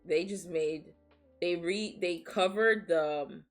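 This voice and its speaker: Giggly tipsy woman streamer, low voice. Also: takes it slowly, soft background music. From Nigeria. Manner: laughs often, teasing, loose and playful. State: tipsy from beer. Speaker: streamer host. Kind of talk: casual chat.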